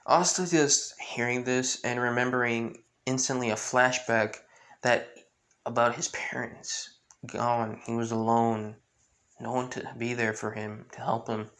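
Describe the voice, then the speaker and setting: Slow, creaky male fan storyteller. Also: mid-range voice, little pitch movement, a bit bright. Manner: rambling, full of restarts and with-clauses. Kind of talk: improvised fan-fiction narration.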